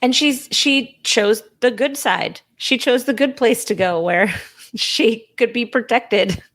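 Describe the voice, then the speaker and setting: A woman co-hosting a podcast in casual chat, quick to interject and laughing often. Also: fairly high pitch, a bit bright. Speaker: podcast co-host.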